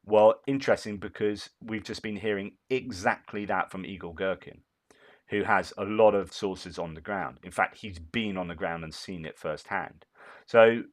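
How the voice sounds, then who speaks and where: A man's voice: deep voice, moderate pace. A man hosting a war update, reading out reports and breaking off into opinionated asides, with many fillers and restarts. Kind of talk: reading and commenting on news.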